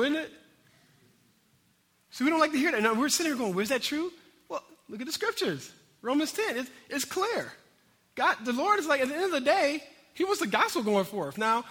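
Animated high-voiced man preaching. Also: big-room sound. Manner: animated, conversational preaching with asides to the congregation. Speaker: pastor. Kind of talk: sermon.

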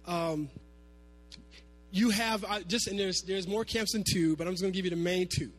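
A man preaching a sermon to his congregation, animated, sometimes half-singing his phrases. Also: sits high, normal speed, soft background music. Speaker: pastor.

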